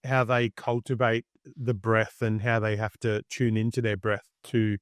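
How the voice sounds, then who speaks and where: A man's voice: fairly low pitch, flat delivery, unhurried, clean tone, dry recording, studio quality. A man hosting a podcast interview, asking a searching, slightly hesitant question. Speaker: podcast host.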